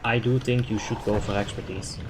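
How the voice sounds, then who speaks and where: A man streaming a game live, answering chat questions in a relaxed, talkative way and swearing now and then when a play goes wrong. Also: lowish voice, a little fast, noisy background. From Netherlands. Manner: relaxed, chatty, thinks out loud, swears when frustrated.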